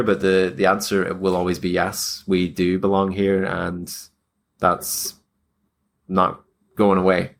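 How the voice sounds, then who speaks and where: A man with a very deep voice talks as a guest on a podcast. He rambles casually, circling back on his points with lots of fillers. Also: completely flat delivery, slow pace, gravelly.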